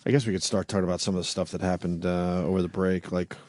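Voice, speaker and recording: Radio host in a dry studio. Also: male voice, deep voice, level tone, quick pace, darkish tone, no room sound. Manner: rambling, reads news stories aloud. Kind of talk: casual radio chat.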